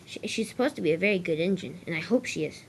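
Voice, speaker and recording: A woman's voice: fairly low pitch, animated, fast talker, slight background noise, rough recording. A woman voicing a formal railway boss who gives his engines orders. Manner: formal, instructing. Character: stern railway controller man in charge.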